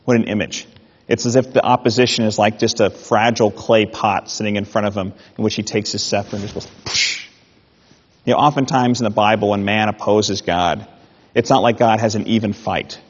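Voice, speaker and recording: A man preaching a sermon in an animated way, with mock-indignant asides. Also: lowish voice, a little fast. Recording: dull sound in a reverberant hall.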